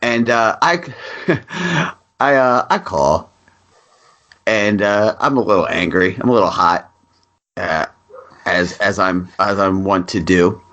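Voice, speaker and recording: A man co-hosting a podcast, telling an animated story in casual chat and acting out a phone call, swearing freely. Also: lowish voice, slow pace, long pauses. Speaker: podcast co-host.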